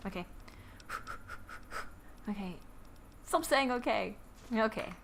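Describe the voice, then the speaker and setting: A woman's voice: on the high side, animated, slow pace, long pauses, heavy background noise. A woman casually commenting while she plays a video game, giggling often and muttering flustered, self-mocking remarks to herself. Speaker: gamer playing and commenting. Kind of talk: casual let's-play commentary.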